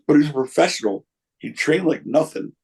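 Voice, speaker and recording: A man's voice: a little high, lively intonation, brisk, vocal fry, darkish tone, slightly rough, low-quality recording. An older man, a former wrestling promoter, answering interview questions with candid anecdotes and quoting people along the way. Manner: candid, anecdotal, quotes others in voices.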